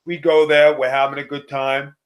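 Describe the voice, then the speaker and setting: A middle-aged man from Staten Island, telling a profane, animated wrestling story in a casual chat. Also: fairly high pitch, normal speed. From Staten Island, New York. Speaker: co-host, former wrestler.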